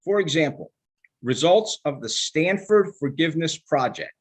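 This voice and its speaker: An older man giving a sermon in a measured, emphatic manner, slowing down to stress quoted scripture. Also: a little high, animated. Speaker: rabbinical student giving a sermon.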